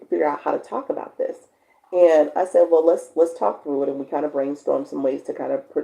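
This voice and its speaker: A woman hosts a casual live stream, coaching her viewers in an encouraging, chatty way. Her voice is very gravelly and dark. She reads their comments aloud and answers them as she goes. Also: poor audio. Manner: encouraging, chatty, bursts into high excited laughter.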